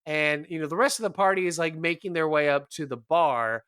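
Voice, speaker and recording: A man's voice: a little high, fairly quick, sharp tone, clear, resonant tone, dry recording. Rambling man telling a tabletop story. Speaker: player. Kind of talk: tabletop game role-play.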